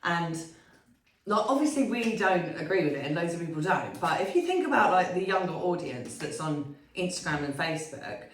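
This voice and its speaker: A woman's voice: on the low side, sing-song, normal speed. A young woman co-hosting a podcast in casual chat, swearing freely and full of "like". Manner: chatty, swears freely, many "like" fillers. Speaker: podcast co-host. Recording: echoey room, mic at a distance.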